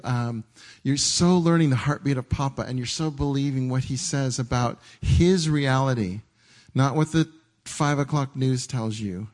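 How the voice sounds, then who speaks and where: A man preaching a casual, conversational sermon on a church stage, often repeating himself and acting out his own inner dialogue. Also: mid-range voice. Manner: conversational, animated, stumbling restarts and acted-out inner dialogue.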